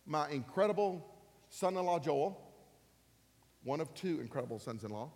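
A pastor in his fifties delivers an emphatic sermon, repeating key phrases and building to loud, forceful peaks. His fairly high voice is animated and moderately paced, ringing with the long reverb of a church hall.

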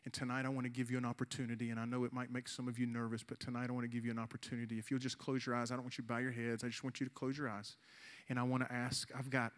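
A man in his forties, a youth pastor, preaching an earnest sermon with an altar call, slowing down for emphasis and pleading with the room. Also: mid-range voice, a bit bright.

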